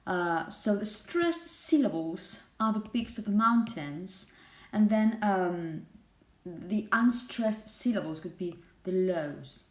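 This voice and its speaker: A woman's voice: medium pitch, expressive, slow, hardly any pauses, a little mellow. A woman teaching a phonetics lecture to teachers. She explains step by step, checks in with the class as she goes, and chants example phrases to show the rhythm. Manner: explanatory, checks in with "okay?" and "yeah?".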